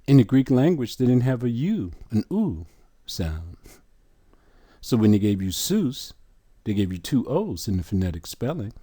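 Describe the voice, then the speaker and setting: A man's voice: mid-range voice, sing-song, warm tone, no echo, clean studio sound. A man teaching a religious lesson on letters and sounds, emphatic and prone to quizzing his listeners. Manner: slow, emphatic, questioning the listener.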